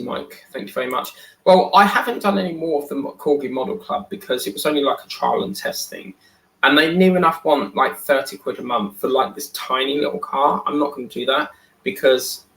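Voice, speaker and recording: Chatty man, bright and echoey. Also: mid-range voice. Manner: chatty, reads and answers viewer comments aloud. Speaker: live stream host. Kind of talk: casual live stream chat. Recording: echoey room.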